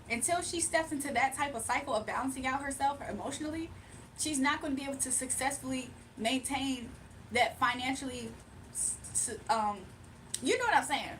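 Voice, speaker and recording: A woman hosting a casual livestream, talking straight to her viewers and chat, animated and laughing often. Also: sits high. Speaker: livestream host. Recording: distant mic with faint background noise.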